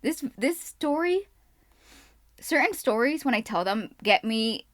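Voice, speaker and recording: Excitable young woman telling a storytime. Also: on the high side, dry recording, studio quality. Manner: jittery, fast and a little messy when excited. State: trying not to sound out of breath. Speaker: vlogger. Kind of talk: casual storytime. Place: indoors, talking to camera. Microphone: camera mic.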